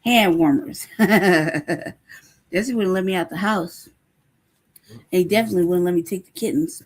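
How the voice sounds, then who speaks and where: A woman's voice: lowish voice, a little slow, husky. A woman hosting a casual live chat, telling stories, laughing often and swearing freely. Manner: laughing often, profane, animated storytelling. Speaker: host.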